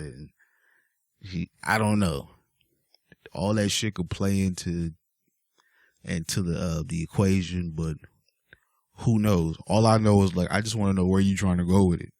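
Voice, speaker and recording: Low-voiced man ranting casually. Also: fairly even intonation, normal speed, long pauses, a little mellow, dry recording, studio quality. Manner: exasperated, rambling with many fillers. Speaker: vlogger. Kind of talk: casual rant to camera.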